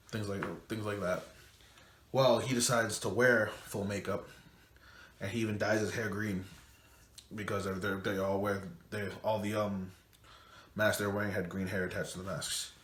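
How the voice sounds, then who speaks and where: A man's voice: lowish voice, fairly bright tone. A man retelling a film's plot in a loose, rambling way with casual swearing. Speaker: movie reviewer. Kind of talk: casual movie recap. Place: home room, late at night. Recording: echoey room with faint noise.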